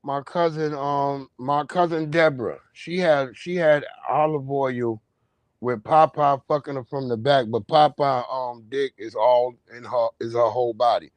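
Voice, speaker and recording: A man's voice: medium pitch, fairly even intonation, no echo. A man hosting a livestream, telling rambling, profane stories in a casual monologue. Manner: profane, rambling, drawn-out storytelling. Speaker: livestream host.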